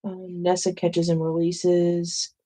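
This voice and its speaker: A woman's voice: fairly low pitch, completely flat delivery, takes it slowly, mellow. A woman co-hosting a live stream in casual chat, reading viewer comments aloud and giving short replies.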